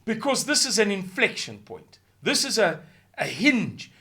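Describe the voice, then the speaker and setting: Man from south africa ranting on camera, fairly high voice with lots of up and down, repeats himself for emphasis. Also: wildly swooping pitch, measured pace, vocal fry. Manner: impassioned, swinging from near-whisper to shouting; rhetorical, repeating words for emphasis. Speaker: commentator. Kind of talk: monologue video commentary.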